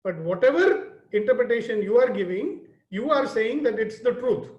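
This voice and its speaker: A man with an Indian accent gives a leadership lecture in a high voice, checking in with his listeners and telling stories. The room sounds roomy, and the recording is slightly dull. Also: animated, moderate pace. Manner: earnest, questioning the audience, storytelling. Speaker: leadership trainer.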